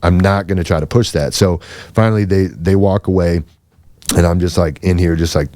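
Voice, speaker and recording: A man tells a long story on his podcast in a loose, profane, rambling way. His voice sits low and mellow, recorded close and dry with no room sound. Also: brisk, no room sound. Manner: swearing, rambling, acts out quoted voices. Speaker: podcast host. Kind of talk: casual storytelling chat.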